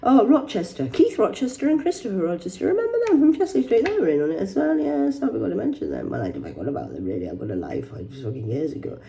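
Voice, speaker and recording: A woman's voice: medium pitch, very animated, fast, vocal fry, hardly any pauses, dark tone. A woman, reading news headlines aloud in a rambling vlog, swearing heavily and adding mocking asides. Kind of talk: rambling livestream commentary.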